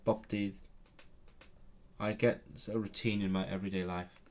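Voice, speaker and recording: A man practicing a new language aloud during a session. He speaks haltingly, restarts words and corrects himself, with English asides. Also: fairly low pitch, little pitch movement, a little mellow. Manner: hesitant, with many restarts and self-corrections.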